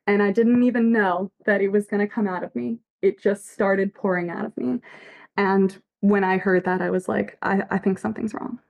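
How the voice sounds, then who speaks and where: A woman's voice: medium pitch, creaky, a little mellow, highs cut off. A woman giving casual livestream commentary as a fanfic author, earnest and reflective, reading chat messages aloud.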